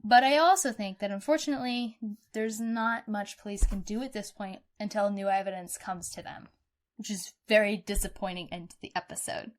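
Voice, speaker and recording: A woman co-hosting a true-crime podcast in casual chat, animated and outspoken, swearing freely. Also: mid-range voice, a little fast. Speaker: podcast co-host.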